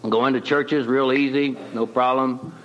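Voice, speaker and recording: A man's voice: medium pitch, level tone, normal speed, highs cut off. Folksy man telling his testimony. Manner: folksy, plain-spoken storyteller with colloquial grammar. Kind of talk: personal testimony storytelling.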